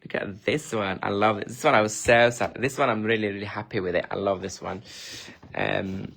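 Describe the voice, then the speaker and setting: A man's voice: on the low side, steady tone, brisk, vocal fry. Chatty man showing craft projects live. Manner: chatty and enthusiastic, with frequent restarts and fillers; reads viewer comments and thanks them warmly. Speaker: guest craft designer presenting on a shop live stream. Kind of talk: casual live-stream craft show-and-tell.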